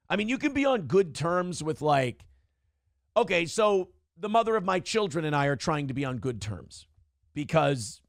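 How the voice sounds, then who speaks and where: A man's voice: a little high, gravelly, dry recording, studio quality. A middle-aged man hosting a livestream, talking candidly and rambling, reading viewer messages aloud. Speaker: streamer host. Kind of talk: casual livestream chat.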